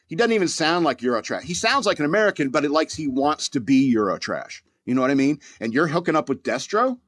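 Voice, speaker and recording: A man's voice: a little high, big pitch swings, quick pace, fairly bright tone, dry recording, studio quality. A man hosting a podcast, rambling through a crude, mock-angry comedic rant and laughing at his own jokes. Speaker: podcast host.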